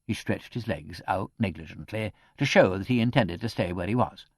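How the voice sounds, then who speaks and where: A man reading an audiobook in a measured, expressive narration. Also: low voice, dry recording, studio quality. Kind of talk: scripted narration.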